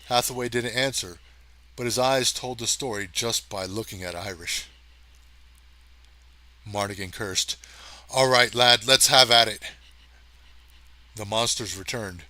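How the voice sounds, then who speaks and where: A man reading a science fiction story aloud as narrator, steady and even. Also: lowish voice. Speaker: audiobook reader. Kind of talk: scripted narration.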